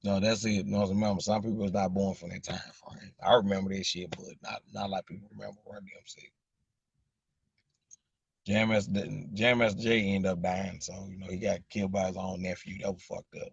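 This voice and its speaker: A man's voice: deep voice, flat delivery, a little fast, creaky, slightly rough, dry recording, lo-fi sound. A man with a Southern accent from Arkansas, rambling in a casual live chat with viewers and repeating "you know what I'm saying". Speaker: livestream host chatting with viewers.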